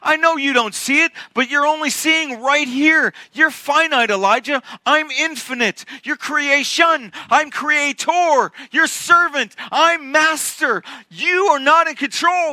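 A preacher voicing God, tender and hushed. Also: male voice, very high voice, vocal fry, dry recording, pitched above the performer's own voice, exaggerated voice. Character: God, gentle and all-powerful, speaking softly to a prophet.

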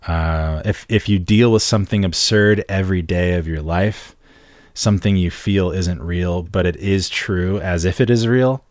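A man with a deep, low voice explains things at an even, measured pace on a casual podcast, dropping in "um" and "like" as he goes. The sound is dry and close, with no room around it. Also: no echo. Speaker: podcast co-host.

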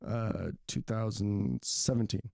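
A man's voice: lowish voice, takes it slowly, gravelly, a little mellow, no room sound, studio quality. A man in his thirties hosting a podcast, telling stories in a blunt, profane, laughing way during casual chat. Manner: blunt, swearing, laughing storyteller. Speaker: podcast host.

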